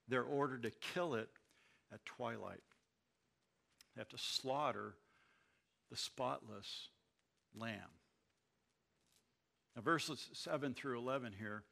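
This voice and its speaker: Brief: male pastor, sermon, bright and ringing tone, lively storytelling with restarts, reads verses then explains. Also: mid-range voice. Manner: animated, storytelling with frequent repeats.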